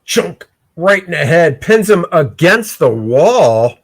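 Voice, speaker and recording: A man hosting a casual livestream where he talks through his own comic pencils, excitable and breaking into shouts. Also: fairly high pitch, takes it slowly. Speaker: comic artist and show host. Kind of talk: casual livestream art commentary.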